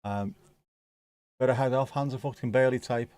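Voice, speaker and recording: A man's voice: medium pitch, brisk, a little mellow, clean tone, dry recording. A man chatting casually and swearing as he comments on a football match on a live stream from home. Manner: chatty, sweary, laid-back. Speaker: streamer hosting a football watchalong.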